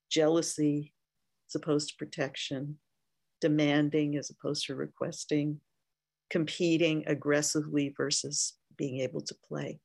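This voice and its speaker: A woman Zen teacher giving a dharma talk, speaking in a slow, reflective way with frequent pauses. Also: low-pitched, gravelly, breathy edge, dry recording.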